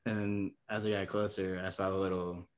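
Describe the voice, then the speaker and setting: A man's voice: low-pitched, moderate pace, clean tone. A young man from Nebraska, a podcast guest telling a long story, full of "like" and "um", acting out the people in it. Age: young adult. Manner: rambling, full of "like" and "um"; acts out the people in his story with lively quotes. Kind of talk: casual storytelling.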